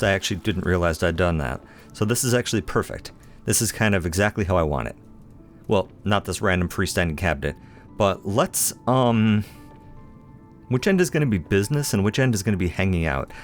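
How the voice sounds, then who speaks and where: Low-voiced chatty man narrating gameplay. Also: expressive, fairly quick, soft background music. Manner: chatty, talks to himself and the game; self-deprecating, playful. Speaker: let's play host. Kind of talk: casual gameplay commentary.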